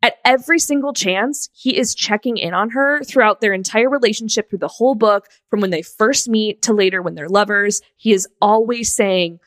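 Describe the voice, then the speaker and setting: A woman's voice: mid-range voice, normal speed, few pauses, a bit bright, no echo. A woman co-hosting a podcast, gushing and giggling as she talks, with casual swearing. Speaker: podcast co-host. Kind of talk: casual chat.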